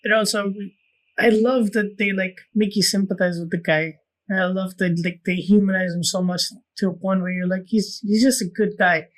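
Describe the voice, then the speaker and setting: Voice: medium pitch, steady tone, normal speed, rough recording. A podcast co-host in casual chat, laid-back and enthusiastic, swearing casually.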